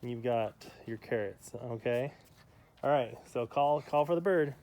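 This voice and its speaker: A man's voice: mid-range voice, a little slow, a little mellow. A man outdoors reading homework instructions aloud and coaxing a child, stumbling over his words now and then. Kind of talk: playful family vlog. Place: outdoors by home.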